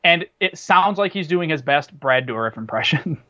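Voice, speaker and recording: A man's voice: a little high, expressive, moderate pace, sharp tone. Chatty man on a dull, lo-fi recording. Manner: chatty, rambling, many fillers and restarts. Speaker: podcast co-host. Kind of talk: casual chat about movies and TV.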